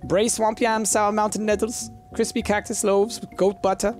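A streamer voicing a chatty inn tour guide in a bright, salesy hospitality patter, with faint game music behind. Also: medium pitch, level tone, moderate pace, pitched above the performer's own voice, close to an everyday voice. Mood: cheery salesy.

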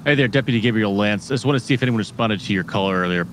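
A man's voice: fairly low pitch, racing, a little hiss or hum. A man playing a deputy on a role-play phone call, casual and direct. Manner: casual, direct, offering deals.

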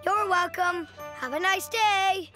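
A woman's voice: slow, music in the background. A woman voicing a cheerful, curious four-year-old boy in a children's cartoon. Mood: cheerful, polite. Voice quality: high bright childlike voice.

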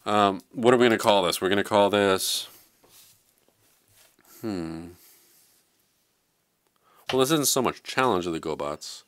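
A man co-hosting a podcast in casual banter, quick with wry comebacks. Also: fairly low pitch, fairly bright tone, no room sound. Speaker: podcast co-host.

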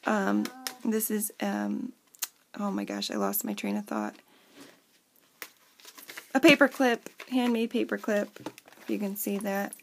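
A woman's voice: medium pitch, expressive, measured pace, pauses often, a little hiss or hum. A woman in her thirties at home, casually showing off a handmade journal in a chatty way with lots of fillers. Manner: chatty, lots of fillers, talks to kids off camera. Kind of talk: casual show-and-tell.

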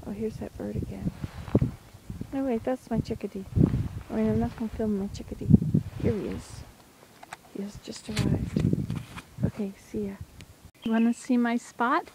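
A woman's voice: a little high, steady tone, normal speed, vocal fry, long pauses, heavy background noise. A woman vlogging outdoors by a marsh, chatting in a rambling, thinking-aloud way. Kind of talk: casual outdoor vlog chat.

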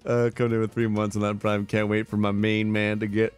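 A man's voice: fairly low pitch, completely flat delivery, brisk, few pauses, smooth, dry recording. A man hosting a casual live stream, tired but upbeat and chatty, laughing often as he thanks subscribers one by one. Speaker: livestreamer. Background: faint background music.

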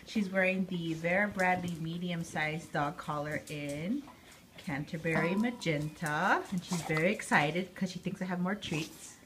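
A woman's voice: fairly low pitch, a little slow. A woman filming a casual home product review on a handheld phone, chatty and easily distracted by her dogs, with plenty of fillers. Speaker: vlogger reviewing pet products. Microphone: handheld phone camera. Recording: noisy home phone recording.

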